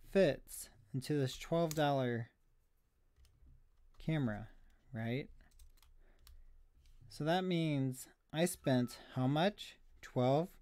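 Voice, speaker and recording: A man's voice: fairly high pitch, darkish tone, clean tone, dry recording. Breathless, chatty man streaming. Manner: chatty, rambling, self-deprecating, sometimes breathless. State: slightly out of breath. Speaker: thrift reseller streamer. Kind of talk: casual live stream chat.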